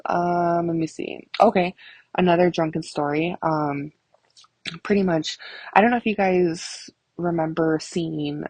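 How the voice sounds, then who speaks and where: A woman's voice: low-pitched, creaky, husky, no echo, low-quality recording. A young woman telling stories in a casual, rambling, profane way, laughing often. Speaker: vlogger. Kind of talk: casual storytelling.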